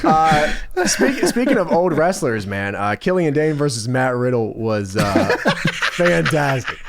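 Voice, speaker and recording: A man's voice: mid-range voice, very animated, a little slow, gravelly, a crowd in the background. A man co-hosting a podcast in casual chat, rambling and swearing, laughing often between thoughts. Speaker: podcast co-host.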